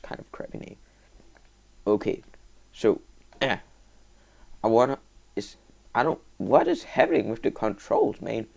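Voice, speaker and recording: A man giving casual let's-play commentary on a game, rambling and excitable, breaking into sudden high yelps and whoops. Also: vocal fry. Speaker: gaming video host.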